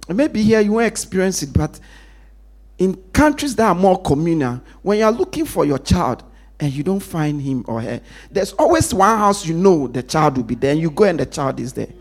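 A male pastor preaching with a husky edge and a pitch that swings widely. He asks the congregation to finish his sentences, and he sinks to a near whisper when he stresses a point. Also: normal speed. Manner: call-and-response preaching, lively pitch, drops to a hush for emphasis. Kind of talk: sermon.

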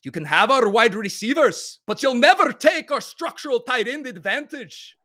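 A man's voice: very high-pitched, lively intonation, moderate pace, pushed and bright, pitched above the performer's own voice, exaggerated voice. A man doing a defiant Irish-Scottish warrior. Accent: Irish-Scottish blend. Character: defiant Braveheart-style male warrior.

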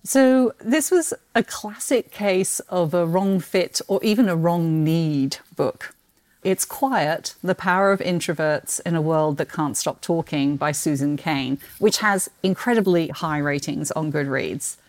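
A British woman whose accent carries a slight Australian twang talks in a fairly low voice. She speaks as an eager podcast guest, laughing easily as she describes what she has read. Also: unhurried, darkish tone. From Britain. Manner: enthusiastic storyteller, laughs often. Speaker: guest, book marketing executive. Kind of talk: casual podcast conversation.

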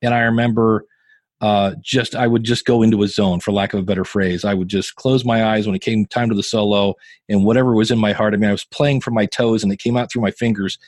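A man in his fifties, a podcasting guest, telling animated, self-deprecating stories in a casual interview. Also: fairly low pitch, fast, no echo. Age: 50s.

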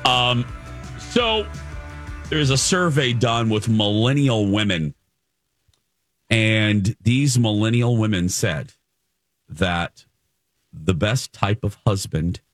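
A man's voice: on the low side, slow, long pauses, no room sound, faint music behind. A man hosting a morning radio show, joking easily and steering the segments along. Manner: jokey, easygoing, leads the segments. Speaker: radio host. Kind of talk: casual morning radio banter.

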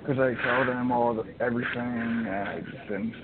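A hoarse man calling in to a show, talking in halting, rambling stretches full of restarts. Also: mid-range voice, steady tone. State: hoarse, frog in his throat. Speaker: caller. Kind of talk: phone-in chat. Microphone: phone. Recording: noisy phone line.

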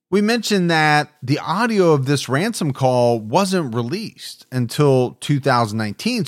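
A man hosts a true crime podcast with a mid-pitched voice. He narrates and muses in a steady, reflective way. The recording is close and dry. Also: dry recording. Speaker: podcast host.

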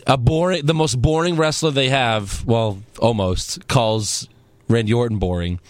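A man's voice: medium pitch, unhurried, no room sound. A young man hosting a casual wrestling recap podcast, sarcastic and joking, often mimicking people. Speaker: podcast host.

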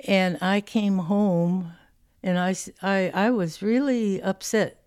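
A woman in her eighties from California, telling stories from her childhood in a lively, anecdotal way. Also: on the low side, slow pace, clean tone, dry recording, studio quality. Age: 80s. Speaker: interviewee. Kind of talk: personal storytelling.

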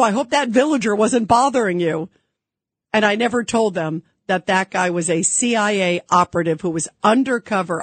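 A woman's voice: mid-range voice, no room sound. A woman hosting a call-in radio talk show, telling a story and thanking callers in an emotional, effusive, patriotic way.

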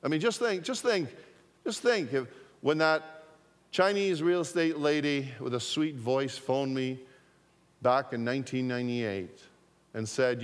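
Slow, deliberate male preacher in a hall. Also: mid-range voice. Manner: slow, deliberate storytelling with repetition. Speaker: pastor. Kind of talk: sermon. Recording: long hall reverb.

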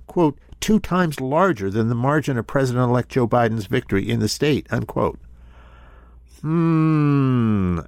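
A male talk radio commentator with a middle-pitched voice, recorded dry and close in a studio. He reads quotes aloud, then jumps in with emphatic, sarcastic asides. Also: no room sound.

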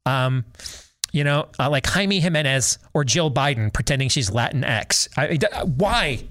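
A man's voice: medium pitch, animated, a little slow, fairly bright tone. A middle-aged man hosting a talk show, ranting sarcastically in a casual monologue and mimicking voices. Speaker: radio talk show host.

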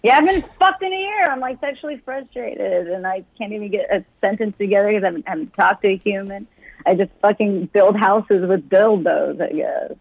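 A woman's voice: medium pitch, a little fast, creaky, no echo, narrow, tinny audio. A young woman calling into a comedy show, brash and profane, laughing often. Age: young adult. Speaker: caller. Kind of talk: crude comedic call-in banter.

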